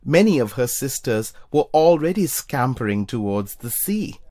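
A narrator reading a children's storybook aloud in an expressive way. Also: moderate pace. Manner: expressive, puts on high squeaky voices for characters. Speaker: storybook reader for young children.

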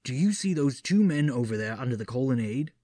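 A man voicing an eccentric male philosophy teacher in an audiobook, speaking quietly and confidingly. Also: medium pitch, expressive, a little fast, dry recording, clean studio sound, natural voice.

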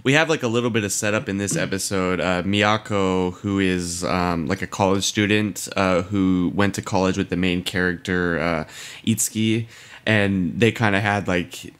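A young man co-hosts a laid-back podcast, rambling through casual chat with plenty of fillers, laughing at himself and admitting he's drunk. His voice is deep and resonant, clear and fairly bright in tone, with fairly even intonation at a normal speed.

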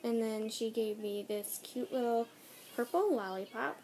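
A woman's voice: on the high side, a little slow, a little hiss or hum. Bubbly giggly teen girl. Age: teens. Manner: bubbly, giggly, gushing with excitement. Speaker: vlogger. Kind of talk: casual unboxing chat.

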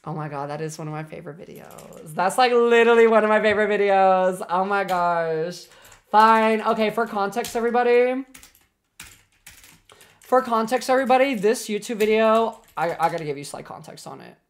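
A young woman in her twenties streaming, chatting casually and excitably with lots of filler words. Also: medium pitch, normal speed. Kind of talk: casual livestream chat.

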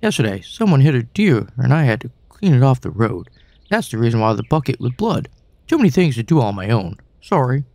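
A man's voice: medium pitch, big pitch swings, fairly quick, gravelly, a little mellow, dry recording. A man doing a smarmy creepy groundkeeper. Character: creepy male cemetery groundkeeper, falsely polite.

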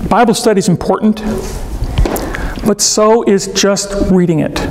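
A priest with a high-pitched voice gives an informal teaching talk in a church. He speaks conversationally, often pausing on fillers and restarting his sentences. A faint hiss of noise sits under the recording. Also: a little mellow.

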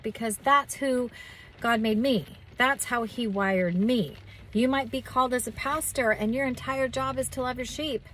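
A woman's voice: a little high, moderate pace, fairly bright tone, recorded from a distance, a little hiss or hum, low-quality recording. A woman who is a prophetic minister, giving an earnest, encouraging talk and a spoken prayer, with frequent restarts. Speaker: self-described prophetic minister.

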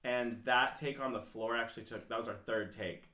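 A man's voice: medium pitch, a little fast, sharp tone, echoey room. A young man, a podcast guest, telling rambling stories full of fillers in casual chat. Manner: rambling, filler-heavy storytelling.

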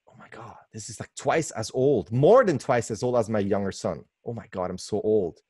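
A man's voice: on the low side, moderate pace, husky, no echo, studio quality. A man in his forties, a guest animator giving an enthusiastic webinar commentary from home over a video call mic, laughing often and gushing. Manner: excitable, laughs often, lively gushing delivery. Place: home workspace.

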